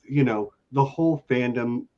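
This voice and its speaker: A man of middle pitch chats eagerly and emphatically on a casual podcast. His audio sounds dull and lo-fi, with the highs rolled off. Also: normal speed, mellow. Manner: eager, emphatic fan talk. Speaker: co-host, long-time fan.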